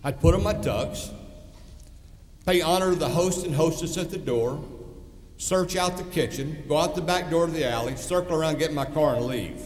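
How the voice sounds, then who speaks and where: An older man delivers a commencement address in a blunt, storytelling way, hitting short lines hard. His voice sits a little high. The sound carries a long, roomy echo from a large hall. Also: moderate pace. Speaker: commencement speaker. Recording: echoey hall from far off.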